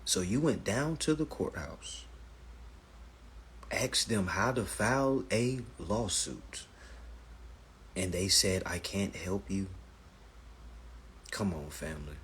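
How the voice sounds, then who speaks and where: A man's voice: sits low, takes it slowly, long pauses, slight background noise. A man hosting a live stream, telling stories and giving advice in a casual, profane manner, often calling his viewers family. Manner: animated, profane storytelling, addresses viewers as family.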